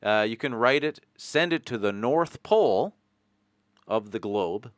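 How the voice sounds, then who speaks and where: A man's voice: mid-range voice, animated, a little slow, no room sound. A Canadian man with a Canadian accent hosting a casual podcast chat, rambling and joking, swearing now and then. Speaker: podcast host.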